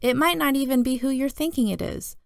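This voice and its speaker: A woman's voice: high-pitched, lively intonation, brisk, gravelly, no room sound, studio quality, voice pushed up. A woman voicing a mother who scolds her sons earnestly, in a storybook reading. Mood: stern. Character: stern but loving mother of two boys.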